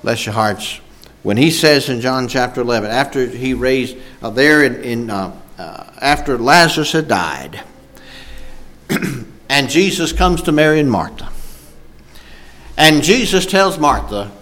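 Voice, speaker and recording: Lively preacher man, emphatic. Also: mid-range voice, a little slow, long pauses. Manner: emphatic preaching cadence with frequent uh fillers. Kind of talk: sermon.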